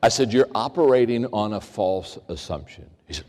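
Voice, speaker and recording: An older man giving a leadership talk, telling stories and acting out the people in them with big swings in voice. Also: normal speed. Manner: animated, acts out quoted voices with big pitch swings. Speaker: leadership speaker. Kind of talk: storytelling keynote talk. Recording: long reverb of a large hall.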